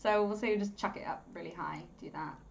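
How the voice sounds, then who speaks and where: A young woman giving a casual, rambling editing tutorial at home, chatty and quick to laugh. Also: on the low side, creaky, slight background noise. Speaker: content creator teaching video editing. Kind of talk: casual screen-recording tutorial.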